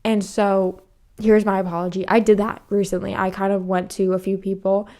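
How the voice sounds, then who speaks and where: A woman's voice: medium pitch, little pitch movement, normal speed, mellow. Frank young woman hosting a podcast. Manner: frank and confessional, swears freely, acts out past conversations. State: slightly out of breath. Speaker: podcast host. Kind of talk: candid solo podcast monologue.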